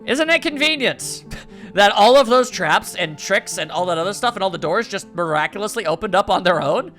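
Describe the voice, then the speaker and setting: Over faint game music, a man at a moderate pace offers casual, wry let's play commentary in a high, expressive, pushed and bright voice. Chatty throughout, he also reads the game's dialogue out loud.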